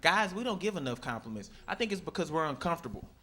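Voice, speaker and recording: High-voiced male stand-up comic. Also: fast talker. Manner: animated storytelling, sudden high-pitched shrieks in acted quotes. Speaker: stand-up comedian. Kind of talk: stand-up comedy set. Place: comedy club stage with a laughing audience. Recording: live club recording with crowd laughter.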